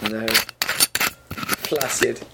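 A British man co-hosting a podcast, delivering dry, deadpan quips in casual chat. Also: very slow, very noisy. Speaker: podcast co-host.

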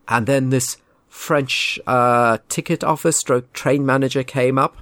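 A man's voice: medium pitch, steady tone, unhurried, fairly bright tone, no room sound, clean studio sound. A man telling a casual anecdote in a wry, indignant, rambling way. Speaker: storyteller.

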